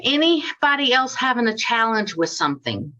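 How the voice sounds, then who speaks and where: A woman's voice: on the high side, big pitch swings, normal speed, sharp tone. A woman trainer coaching sales agents on a video call, chatty and upbeat as she tells stories.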